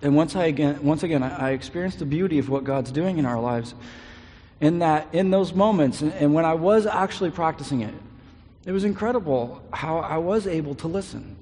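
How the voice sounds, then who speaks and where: High-voiced preaching man, echoing hall. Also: fairly quick. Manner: animated, repeats words, paraphrases scripture in a conversational voice. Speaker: pastor. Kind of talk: sermon. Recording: long reverb of a large hall.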